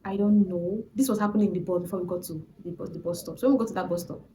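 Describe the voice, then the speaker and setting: A woman's voice: on the low side, very fast, slight background noise, poor audio. Chatty young Nigerian woman telling a story. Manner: chatty, animated, with frequent restarts. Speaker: vlogger. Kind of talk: personal testimony storytelling.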